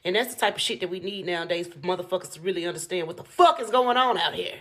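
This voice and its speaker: A woman's voice: on the low side, fast talker. An American woman giving a blunt, heavily profane rant as commentary. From United States. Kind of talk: ranting commentary.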